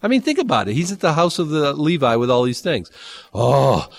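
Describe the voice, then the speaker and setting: A man preaching a Bible-teaching sermon, conversational and animated, with dry humor and sudden jumps in pitch. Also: quick pace, dry recording. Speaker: pastor.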